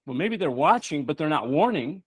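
A middle-aged show host preaches emphatically through a talk-show monologue full of rhetorical questions. His voice is on the high side and husky, very animated at a moderate pace, with no room sound.

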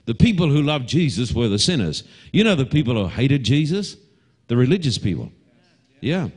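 An Australian pastor in middle age preaches to a congregation, his pitch swinging widely from high to low. He delivers the sermon with animation and mixes homely stories and gentle humor into it. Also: very animated, normal speed, husky. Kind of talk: televised sermon to a live congregation.

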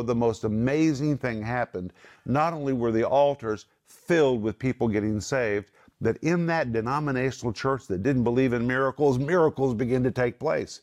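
A middle-aged man teaching the Bible on a broadcast, speaking emphatically and slowing down to stress key words. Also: mid-range voice, darkish tone. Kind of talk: Bible teaching with scripture quotes.

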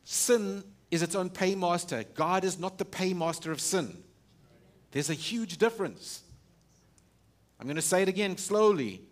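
An animated male pastor preaches a little slowly, filling his sermon with rhetorical questions and restarts. He shifts between loud, emphatic bursts and subdued, low stretches.

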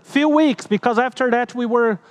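Speaking at a normal speed in a very high voice, this male preacher tells personal stories in an emotional sermon. His delivery is dramatic and lively, moving from loud to hushed, with somewhat broken English phrasing.

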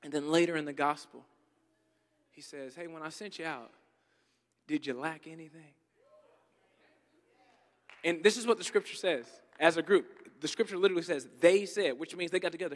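A man's voice: fairly high pitch, normal speed, long pauses. A man preaching a comedic sermon, joking and acting out back-and-forth dialogues with God. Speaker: pastor. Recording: reverberant hall.

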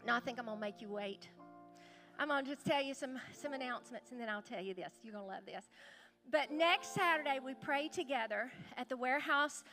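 A woman's voice: high voice, brisk, soft background music. A woman pastor, chatty and calling out to the congregation as she welcomes visitors at a church service. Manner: chatty, warm-hearted, calls out to the crowd.

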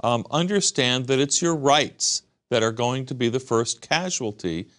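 A man's voice: medium pitch, expressive, unhurried, fairly bright tone. A man from the United States, a guest in an interview, speaking emphatically and repeating words in lists. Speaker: guest commentator. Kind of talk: interview answers.

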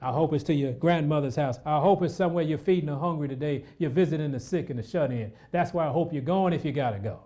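A man's voice: on the high side, fast, few pauses, mellow. A man preaching a sermon, reading scripture aloud and calling out questions to his congregation.

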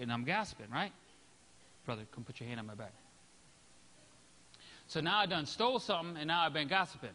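In a church sanctuary, a man pastor delivers a sermon, speaking casually to the congregation, checking in with them and animatedly acting out examples. His voice is a little high and fairly quick, with a big-room sound and slight background noise.

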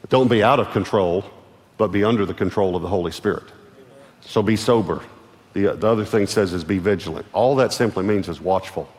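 A man's voice: normal speed, pauses often, darkish tone. Emphatic preacher man, echoing hall. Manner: emphatic preaching, building in force and pitch. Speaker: pastor. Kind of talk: sermon. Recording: long hall reverb with faint music.

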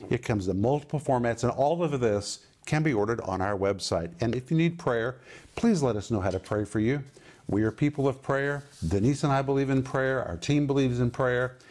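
A man's voice: mid-range voice, normal speed, darkish tone. A man giving a televised Bible teaching, speaking emphatically and explaining Greek words.

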